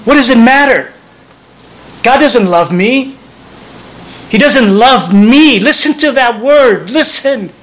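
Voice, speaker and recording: A man's voice: very high voice, expressive, slow, long pauses, fairly bright tone, low-quality recording. A man preaching a sermon as pastor, earnest and conversational, often restarting his phrases.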